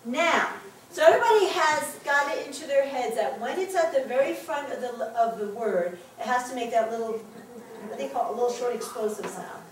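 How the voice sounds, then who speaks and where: Woman teacher, high voice, heard from afar in an echoey classroom, laughing and encouraging. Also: normal speed. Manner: chatty, laughs often, encouraging. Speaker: Hebrew teacher. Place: synagogue classroom. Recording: echoey room, distant mic, background noise.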